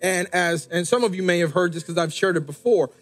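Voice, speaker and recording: A middle-aged pastor with a high male voice preaches a sermon, stressing words slowly and repeating key lines. He drops in light jokes for the congregation, and soft music plays faintly behind him.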